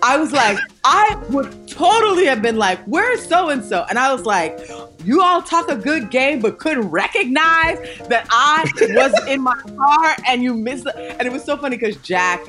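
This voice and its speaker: A woman's voice: high-pitched, normal speed, faint music behind. A young woman, a TV writer, chatting as a podcast guest, telling stories with swearing, laughter and acted-out voices. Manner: animated storyteller, acts out voices, swears, laughs. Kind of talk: casual podcast chat.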